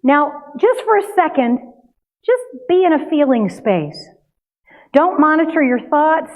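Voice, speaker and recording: An older woman giving a sermon, telling a family story in a conversational, lively way. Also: high voice, unhurried. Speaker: minister. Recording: tinny phone-like sound.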